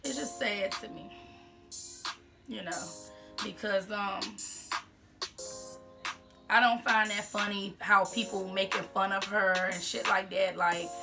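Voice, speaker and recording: A woman speaking talks casually between bites, candid and profane as she vents. Her pitch sits mid-range for a woman. Music plays clearly in the background. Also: steady tone, takes it slowly, long pauses. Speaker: vlogger. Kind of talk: casual mukbang commentary.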